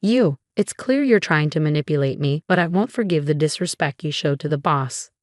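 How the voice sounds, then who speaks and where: Woman reading as loyal young man, stern, earnest, lowish voice, dry sound. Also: expressive, moderate pace, no echo.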